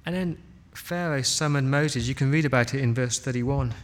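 A male preacher retelling a scripture story in the first person as a child eyewitness, with dramatic pauses. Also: medium pitch. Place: church hall. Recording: long hall reverb.

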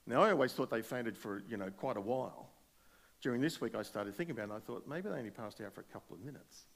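A male pastor preaching a sermon, retelling a scripture story with animated, speculative asides. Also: mid-range voice, fast, vocal fry.

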